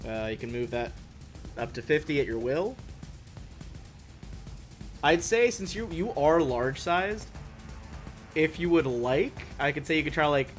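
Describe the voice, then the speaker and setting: A man's voice: a little high, unhurried, pauses often. Young guy dm running a game, chill chatty, swears a bit, some music in the back. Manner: relaxed, chatty, swears casually. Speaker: game master. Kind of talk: running a tabletop game live.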